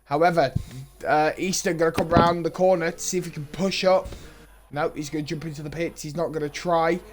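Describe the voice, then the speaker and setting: A young man doing excitable play-by-play commentary for an online racing league, building to shouts at close moments. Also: on the high side, brisk, a little hiss or hum. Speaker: race commentator.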